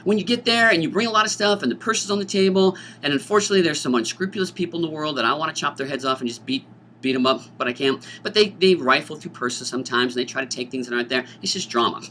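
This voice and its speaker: A middle-aged man, a teacher, explaining a school dance's rules to students in an animated, joking way, often acting out student voices. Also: a little high, fast talker, slight background noise. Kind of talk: informational talk to students.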